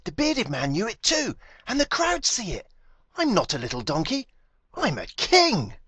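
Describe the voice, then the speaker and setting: A man's voice: a little high, very animated, normal speed, fairly bright tone, no echo, pitched above the performer's own voice. A man doing proud little Little Donkey. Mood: elated. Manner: earnest, boastful, wounded pride. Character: small, proud, eager young male donkey.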